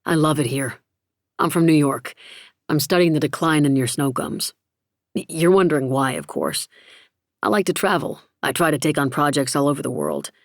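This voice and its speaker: A woman's voice: low voice, animated, moderate pace, dry recording, clean studio sound. A woman voicing a friendly, talkative American male biologist in an audiobook, with an American accent. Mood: chatty. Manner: easygoing, talkative. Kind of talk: audiobook character reading.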